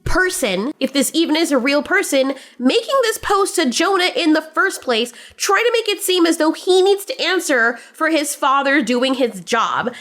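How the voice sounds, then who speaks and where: Blunt, high-voiced woman ranting. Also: expressive, normal speed, few pauses, a bit bright. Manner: blunt, sarcastic and profane. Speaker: commentary channel host. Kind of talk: opinion commentary vlog.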